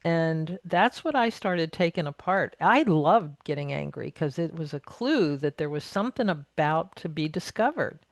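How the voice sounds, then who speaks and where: A woman's voice: low voice, animated, normal speed, few pauses, dry recording. A middle-aged woman speaking as a podcast guest, reflective and emphatic, restating her points as she talks things through in conversation. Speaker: podcast guest, narrative coach. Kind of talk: conversational interview.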